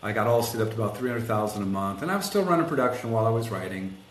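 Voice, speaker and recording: Animated storytelling man in an echoey room. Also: lowish voice, rapid-fire. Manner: animated storyteller acting out quotes; self-described rough around the edges. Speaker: guest, collision shop executive. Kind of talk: casual storytelling interview. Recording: echoey room with faint background noise.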